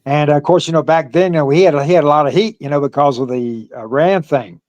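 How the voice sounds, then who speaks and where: An older man speaks in a slightly raised pitch, his voice close and dry with no room around it. He tells old stories loosely and haltingly, stacking fillers and restarts. He laughs as he goes. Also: darkish tone, no room sound, lo-fi sound. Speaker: former pro wrestler, guest. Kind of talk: casual storytelling interview.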